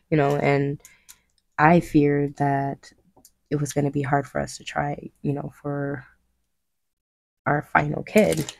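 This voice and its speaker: A young woman talks casually to her viewers as she paints, pitched low with a gravelly edge. Her tone is dark and mellow, and she rambles with fillers and small laughs. The sound is close and dry in a small room. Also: dry recording. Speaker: craft vlogger. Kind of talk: casual chat while painting.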